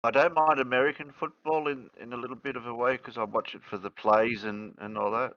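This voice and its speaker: A man's voice: mid-range voice, steady tone, a little fast, no room sound, dull audio. A man with an Australian accent in casual livestream chat, often restarting and repeating words. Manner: hesitant, repeats words while getting going.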